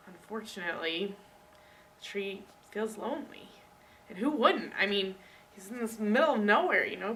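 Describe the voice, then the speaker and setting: A woman student giving a casual book talk presentation, chatty and animated, speaking straight to her listeners. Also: medium pitch, far from the mic, slight background noise.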